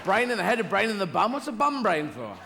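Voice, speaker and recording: A man's voice: high-pitched, sing-song, fast talker, vocal fry, voice pushed up, exaggerated voice. A man voicing Jesus as a grown son who pesters and complains to his father, with a long echo and background noise around him. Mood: curious. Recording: live hall with long reverb and noise.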